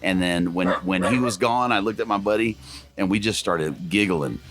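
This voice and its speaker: A man chatting casually, an excitable storyteller who laughs often. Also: deep voice, moderate pace. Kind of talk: casual hunting chat.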